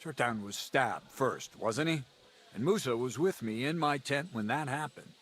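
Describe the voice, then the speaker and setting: A man's voice: mid-range voice, normal speed, slightly rough. An actor playing an earnest commoner leader who argues hard for his friend's innocence. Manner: earnest, pleading, animated. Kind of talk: video game dialogue.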